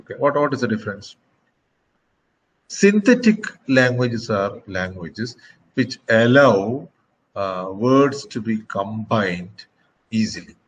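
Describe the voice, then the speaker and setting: A man giving a classroom lecture, speaking slowly and deliberately, with frequent fillers and check-ins. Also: fairly low pitch, sing-song, a little hiss or hum, rough recording. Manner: slow, deliberate, frequent "okay" and "uh".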